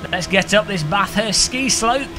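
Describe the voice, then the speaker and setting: A man streaming a racing game live, joking with chat and commentating excitedly. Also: high voice, unhurried, over music. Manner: excitable, jokey banter with chat. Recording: game engine noise behind voice.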